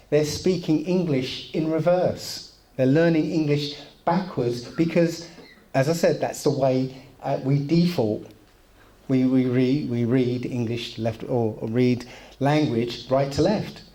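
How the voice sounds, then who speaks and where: A man's voice: mid-range voice, dark tone. A man giving a lecture in a casual, conversational way with frequent asides. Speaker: presenter. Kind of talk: lecture presentation. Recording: echoey room.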